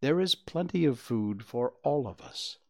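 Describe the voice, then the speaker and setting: A man voicing a calm, patient mother deer who answers in short, reassuring replies. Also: mid-range voice, measured pace, voice pushed up.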